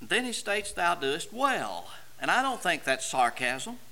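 Male preacher, high-pitched, slow and emphatic, sermon delivery. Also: big pitch swings, vocal fry. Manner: swings between quiet explaining and loud emphatic preaching.

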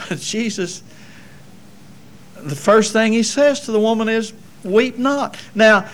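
A man preaching a sermon, swinging between loud emphatic passages and low, quiet asides. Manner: slow deliberate delivery with folksy asides.

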